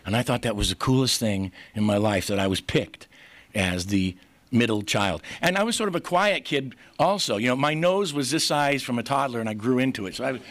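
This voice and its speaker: A man's voice: mid-range voice, animated, fairly quick, fairly bright tone, no room sound. A middle-aged man speaking at a recovery meeting, candid and self-mocking, telling his life story and laughing often. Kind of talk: personal story talk. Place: meeting hall.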